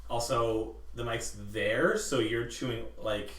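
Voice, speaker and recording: A man's voice: mid-range voice, fairly even intonation, slow pace, fairly bright tone. A man playing at a tabletop game, speaking in a dry, matter-of-fact way. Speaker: player. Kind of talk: casual chat at a tabletop game. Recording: echoey room from far off, clear noise.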